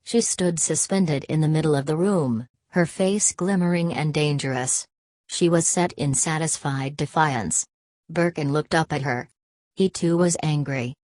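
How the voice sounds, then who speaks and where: Low-voiced woman reading an old novel, slow and steady, dry close mic. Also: no echo. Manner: measured, steady literary reading. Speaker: audiobook narrator. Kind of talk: scripted narration of a classic novel.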